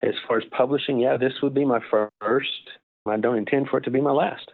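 A man's voice: mid-range voice, steady tone, brisk, gravelly. Older man on a tinny phone line. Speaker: guest author. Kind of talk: interview answers.

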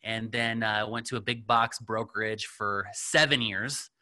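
A middle-aged real estate agent talks casually and at length about his career. His voice is bright and forceful, and his speech is full of fillers. He slips into other voices to act out the dialogue he quotes. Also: fairly low pitch, fairly even intonation, unhurried. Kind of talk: casual storytelling interview.

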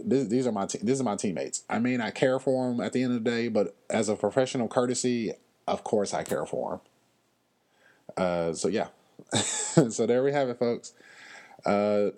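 Solo podcast host, male, lowish voice, casual chat, animated, blunt and slangy. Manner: frequent fillers and pauses.

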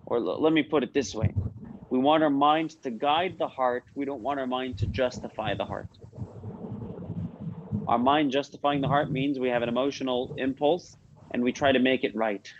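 A man's voice: medium pitch, normal speed. A man giving an informal religious lesson, telling stories in a conversational way with frequent restarts and questions to his listeners. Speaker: rabbi teaching a class. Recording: slightly muffled recording with faint noise.

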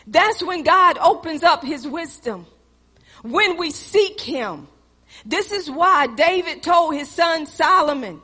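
A woman preacher delivering a passionate sermon, swinging between loud exhortation and hushed intensity. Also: extremely high pitch, animated, takes it slowly, long reverb tail.

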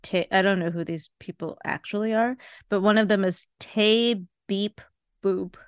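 A woman's voice: medium pitch, moderate pace, clean tone, no echo, studio quality. A woman co-hosting a podcast in casual chat, telling a rambling story in an agreeable, chatty way. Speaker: podcast co-host.

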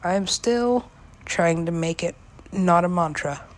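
A woman's voice: on the low side, a little slow. A young woman in a casual, rambling personal monologue, full of "like" fillers and swearing, sometimes dropping to a whisper. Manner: casual, lots of "like" fillers, swears, laughs often; drops into whispers at times. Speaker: vlogger.

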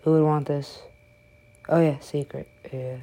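A woman's voice: low voice, level tone, unhurried, mellow. A woman giving casual gameplay commentary, rambling and joking with frequent swearing. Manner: profane, rambling, joking asides.

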